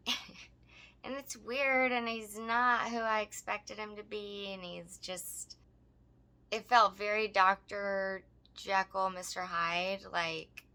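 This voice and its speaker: A woman's voice: medium pitch, little pitch movement, slow pace, sharp tone. A woman co-hosting a podcast, telling a story in casual chat, blunt and profane, often breaking into laughter. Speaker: podcast co-host.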